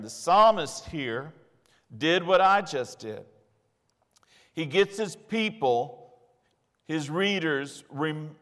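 Slow emphatic male preacher in a hall. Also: on the high side, a bit bright. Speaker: pastor. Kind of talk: sermon. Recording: long reverb of a large hall.

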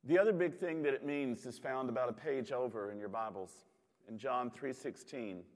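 A man preaching a sermon as a pastor, in a measured delivery with long dramatic pauses, in a church sanctuary. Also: mid-range voice, a little mellow. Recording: long hall reverb.

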